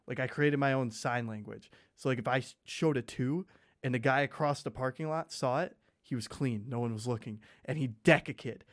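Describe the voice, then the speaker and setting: A man's voice: mid-range voice, moderate pace. A young man in casual chat, telling rambling school stories full of fillers and laughter.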